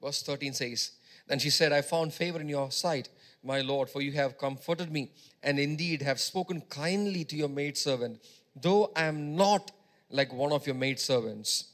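A man preaching a sermon, repeating phrases for emphasis and swinging between loud exhortation and quieter teaching. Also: fairly high pitch, moderate pace.

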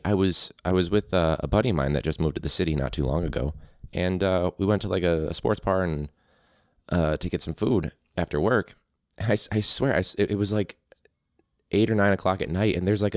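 A man's voice: low voice, a little mellow, no echo, clean studio sound. A man, a teacher hosting a podcast, rambling casually and laughing at his own ideas. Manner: rambling, laughing, self-interrupting. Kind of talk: casual solo podcast chat.

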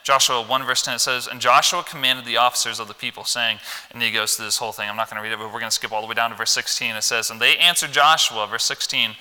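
A man from the American Midwest preaching a folksy, animated sermon in church, swinging from loud emphasis to low asides. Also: fast, hardly any pauses, smooth. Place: church sanctuary. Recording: long hall reverb.

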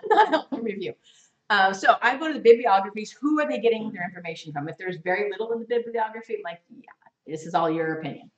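A woman leads a women's Bible study in a live class, talking in a lively, chatty way and laughing as she acts out little quotes. Her voice sits at a middle pitch. It is heard from a distance in an echoey room. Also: quick pace.

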